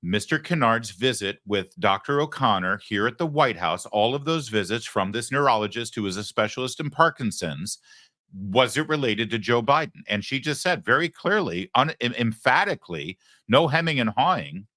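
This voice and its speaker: A man's voice: medium pitch, lively intonation, moderate pace, sharp tone, dry recording, clean studio sound. A man hosting a political commentary show, delivering a sarcastic opinion monologue and acting out the people he quotes. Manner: sarcastic, mocking, acts out quoted voices.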